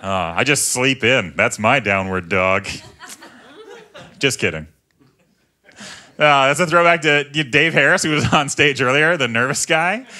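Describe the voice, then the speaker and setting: A man in his thirties doing a stand-up comedy set, chatting in a self-mocking way, tagging jokes with "right?" and leaping into loud voices for punchlines. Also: a little slow, pauses often. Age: 30s. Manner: conversational, self-mocking, often tags lines with "right?"; jumps into loud high character voices for punchlines. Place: comedy club stage.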